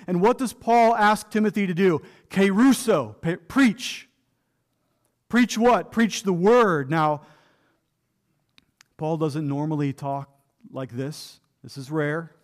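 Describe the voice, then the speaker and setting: High-voiced man preaching an earnest sermon. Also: slow pace, pauses often. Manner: earnest, emphatic, with rhetorical questions. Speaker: pastor. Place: church pulpit.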